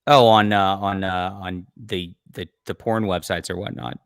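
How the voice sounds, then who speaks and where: Low-voiced man hosting a livestream. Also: steady tone, unhurried, smooth, no echo, studio quality. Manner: blunt, mocking commentary with frequent fillers. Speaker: livestream host. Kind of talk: casual commentary over a clip.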